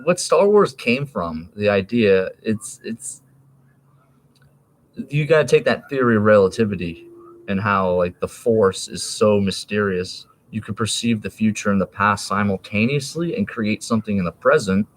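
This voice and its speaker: A man's voice: fairly low pitch, moderate pace, slight background noise. A man in his thirties rambling in a casual, profane monologue, laughing and jumping between topics.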